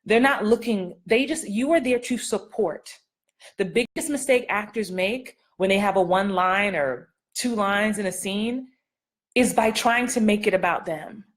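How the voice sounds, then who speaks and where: Woman acting coach, middle-aged, sassy, playful, laughs a lot, live-stream talk. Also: mid-range voice. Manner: playful, sassy, laughs often, acts out line readings.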